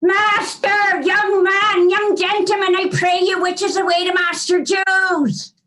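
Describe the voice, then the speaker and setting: A woman's voice: very high voice, flat delivery, slow, bright, forceful tone, heavily acted. A woman playing a poor, half-blind old father who humbly pleads for directions, acting Shakespeare over a video call. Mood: pleading.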